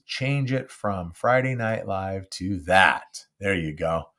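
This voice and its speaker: An older man from Southern California hosting a live podcast, chatty and animated, talking close into a studio mic. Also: deep voice, slow pace. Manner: chatty and animated, self-deprecating. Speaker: podcast host. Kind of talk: casual live podcast chat. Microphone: close studio mic with windscreen.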